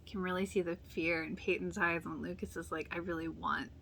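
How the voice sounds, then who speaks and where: A woman hosting a casual TV rewatch reaction, chatty and full of fillers, often sinking into soft near-whispers and laughing often. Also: fairly low pitch, level tone, brisk, a little hiss or hum. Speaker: YouTube reaction host.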